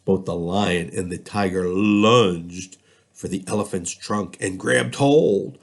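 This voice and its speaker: A man reading a children's storybook aloud, expressive and lively in his storytelling. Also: deep voice, takes it slowly, vocal fry. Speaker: school district reader.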